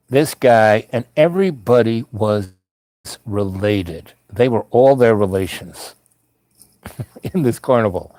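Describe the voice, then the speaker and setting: Male storyteller, easygoing and meandering, mid-pitched voice, dry close recording. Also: darkish tone, dry recording. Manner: meandering, full of asides and restarts. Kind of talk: casual rambling storytelling.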